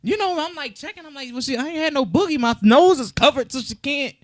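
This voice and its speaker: A man's voice: very high voice, fast talker, dry recording. A middle-aged man co-hosting a podcast, telling stories in a casual chat and acting out the voices of the people in them. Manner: animated storyteller, acts out dialogue, laughs often. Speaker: podcast co-host.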